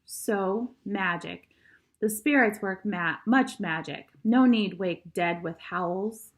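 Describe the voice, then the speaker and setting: A woman voicing a tiny, stern, proud male warrior in a storybook reading, speaking in slow, clipped, broken sentences. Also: medium pitch.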